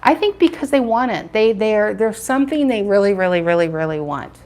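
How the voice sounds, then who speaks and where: A woman's voice: medium pitch, expressive, fairly quick, darkish tone. A woman doing a live tarot reading, chatting with viewers and repeating her questions as she turns the cards. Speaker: tarot reader.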